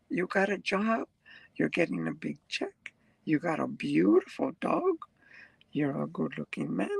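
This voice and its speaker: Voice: mid-range voice, huge pitch swings, measured pace, vocal fry, breathy edge, no room sound, poor audio. A truck driver talking casually to viewers on a live stream, rambling, reading comments aloud and laughing often.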